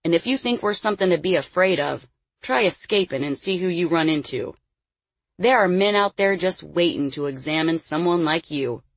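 A woman's voice: on the low side, animated, moderate pace, no echo. A woman reading the part of a cruel man who keeps a girl caged, snarling and taunting his threats. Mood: menacing. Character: cruel, menacing adult male captor in charge. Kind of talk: audiobook character voice.

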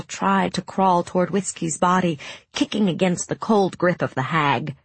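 A woman reading a story aloud in measured, dramatic audiobook narration. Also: lowish voice, slightly rough, dry recording.

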